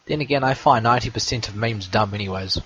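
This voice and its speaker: A man's voice: lowish voice, quick pace, fairly bright tone, a little hiss or hum, rough recording. A man co-hosting a casual podcast, trading dry, sarcastic comebacks. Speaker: podcast co-host. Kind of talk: casual chat.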